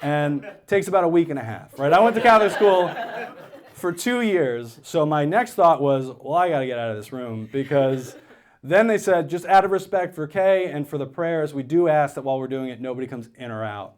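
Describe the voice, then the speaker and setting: A man's voice: a little high, animated, moderate pace. Storytelling stand-up comedian, man. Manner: conversational storytelling with quoted asides.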